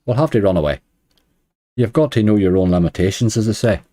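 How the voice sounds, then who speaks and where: Grumbling at the game as he streams online slots, a middle-aged Northern Irish man chats casually for his live audience. He talks a little fast in a lowish, dark, animated voice. The studio-quality audio has no echo.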